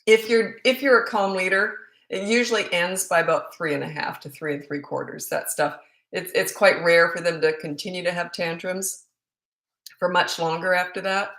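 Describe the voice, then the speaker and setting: A woman in her fifties with a lowish, slightly bright voice speaks at normal speed in a steady tone. She's a parenting coach in a live Q&A, giving emphatic advice, repeating key points and laughing at herself. The room has a noticeable echo.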